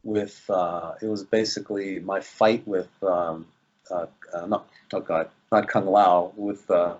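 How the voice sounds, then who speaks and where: A man's voice: deep voice, fairly even intonation, unhurried, a little mellow, highs cut off. A man, an actor, chatting in an interview, rambling with lots of fillers and restarts. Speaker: actor guest. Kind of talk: casual interview chat.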